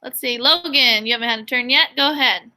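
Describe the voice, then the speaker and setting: A woman teacher leading an online reading lesson over a video call, reading a picture book aloud and asking her pupils questions in an animated way. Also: high voice, fairly quick.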